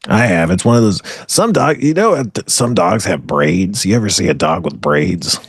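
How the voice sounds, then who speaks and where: Brief: deep raspy man, swaggering deadpan comic storyteller, dry close recording. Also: moderate pace, dry recording. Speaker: comedy podcast co-host. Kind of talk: improvised comedic bit.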